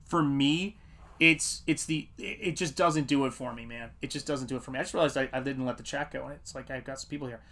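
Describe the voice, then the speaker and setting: A middle-aged man, a comic artist, chatting on a livestream and telling animated stories. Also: mid-range voice, brisk. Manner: animated storytelling, acts out quotes. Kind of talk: casual livestream chat.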